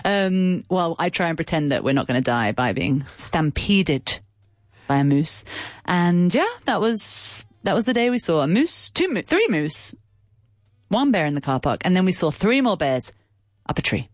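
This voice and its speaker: A woman's voice: low voice, very animated, measured pace, no echo, clean studio sound. A woman telling a story in a casual, chatty way as an English teacher, stopping to explain words as she goes. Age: adult with a child.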